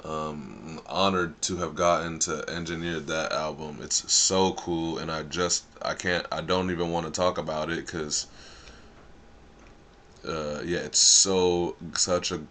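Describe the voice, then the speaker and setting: A man's voice: rumbling low, level tone, unhurried, sharp tone, a little hiss or hum. A man hosting a casual live stream, chatting loosely in slang and drifting off track as he thinks aloud. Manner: rambling and easily sidetracked, thinking aloud; loose slang-filled talk.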